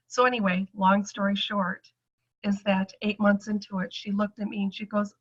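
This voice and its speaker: A woman's voice: medium pitch, flat delivery, normal speed, slightly rough, highs cut off. A middle-aged woman giving a chatty personal testimonial to an audience, acting out the voices she quotes.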